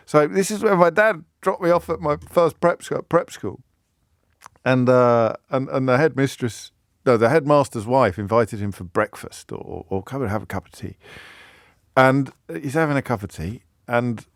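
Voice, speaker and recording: Rambling radio host, dry studio sound. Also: male voice, medium pitch, moderate pace, no echo. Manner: rambling, self-interrupting, animated storytelling. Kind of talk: talk radio monologue and call. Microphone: studio microphone.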